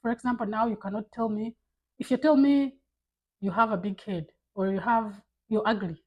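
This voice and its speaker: Husky-voiced woman giving candid advice. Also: a little high, moderate pace, lo-fi sound. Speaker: vlogger. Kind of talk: casual talk to camera. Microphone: camera mic.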